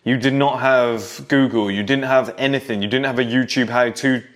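A man's voice: medium pitch, fairly even intonation, normal speed. A man in his thirties speaking directly to younger men, telling stories from his youth and acting out scenes in a lecturing way. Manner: direct, lecturing storyteller who acts out scenes. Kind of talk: storytelling monologue.

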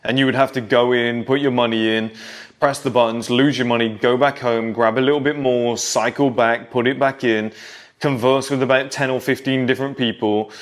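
A man's voice: mid-range voice, steady tone, moderate pace. A man in his thirties speaking directly to younger men, telling stories from his youth and acting out scenes in a lecturing way. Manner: direct, lecturing storyteller who acts out scenes. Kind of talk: storytelling monologue.

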